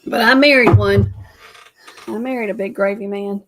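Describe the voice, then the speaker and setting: A woman's voice: mid-range voice, steady tone, normal speed. A woman co-hosting a casual livestream chat, laughing often between remarks. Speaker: livestream co-host.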